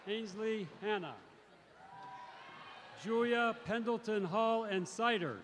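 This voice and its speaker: A male teacher reading out graduates' names one by one at a graduation ceremony in a large arena, in a measured announcing manner. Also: high-pitched. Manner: measured, announcing each name, with brief self-corrections. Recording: crowd noise in a large arena. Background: crowd cheering.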